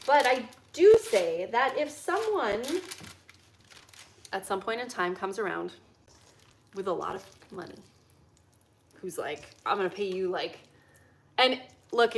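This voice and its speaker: A woman's voice: mid-range voice, a little hiss or hum. Chatty young woman cooking on a livestream. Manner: chatty, laughing, reading chat questions. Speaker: livestream host. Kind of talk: casual livestream chat while cooking. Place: home kitchen.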